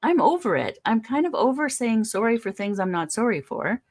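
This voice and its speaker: A woman from Canada co-hosting a spiritual livestream, chatting casually with an expressive, laughing delivery over a video call. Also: fairly high pitch, a little fast. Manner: expressive and laughing, with lively shifts in tone.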